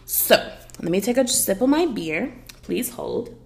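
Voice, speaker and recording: This podcast host chats casually, offering sassy, blunt, profane opinions and energetic stories. She has a medium-pitched, slightly mellow, creaky voice with big pitch swings and an unhurried pace.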